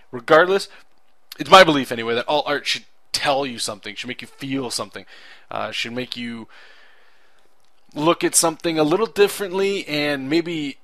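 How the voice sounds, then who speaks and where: With a medium-pitched, sharp-toned voice, an artist casually narrates his drawing video. He rambles earnestly, corrects himself often, and is keen on clear storytelling. There's no echo.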